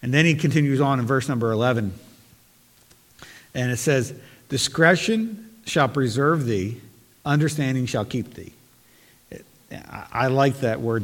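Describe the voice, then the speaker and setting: A man's voice: medium pitch, in a large hall. A man preaching a sermon as pastor, talking earnestly and conversationally and reading scripture aloud.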